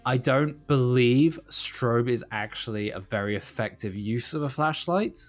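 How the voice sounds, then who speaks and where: A man's voice: medium pitch, a little slow, soft background music. A man co-hosting a casual podcast, rambling and self-deprecating, laughing often. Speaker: podcast co-host.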